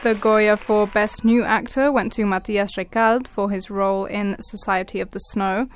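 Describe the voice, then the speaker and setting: Woman news presenter, measured broadcast voice. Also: mid-range voice, fairly even intonation. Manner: clear, measured broadcast delivery. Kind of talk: scripted news reading.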